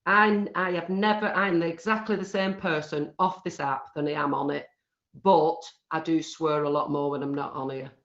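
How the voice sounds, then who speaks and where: A woman's voice: deep voice, fairly even intonation, normal speed. A British woman as a guest on a live-stream interview. She talks chattily and bluntly and laughs often. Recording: dull lo-fi stream audio.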